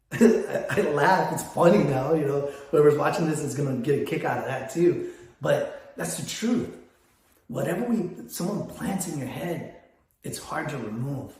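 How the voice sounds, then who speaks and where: A man's voice: fairly high pitch, expressive, a little slow, a little mellow. An older man, telling stories in a casual vlog, rambling with frequent restarts. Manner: rambling, storytelling with many restarts. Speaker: photography business vlogger. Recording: very echoey room.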